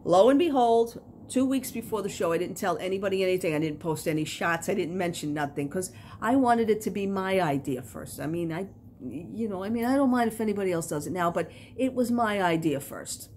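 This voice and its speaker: With a mid-range voice and a brisk delivery, a middle-aged crafting vlogger chats to the camera, rambling through animated stories full of fillers. The recording carries a little hiss or hum.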